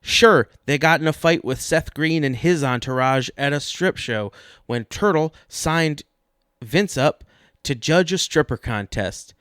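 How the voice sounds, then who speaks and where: A man co-hosts a sports podcast with dry, deadpan comedy, laying out absurd ideas as if they were serious. The sound is dry and close, with no room around it. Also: a little high, measured pace, clear, resonant tone, no room sound. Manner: deadpan, mock-serious delivery. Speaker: podcast co-host.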